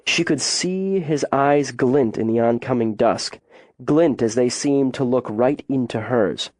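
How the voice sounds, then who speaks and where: A man narrating a suspense novel as an audiobook, in a measured, unhurried storytelling manner. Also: medium pitch, a little mellow, no echo, studio quality.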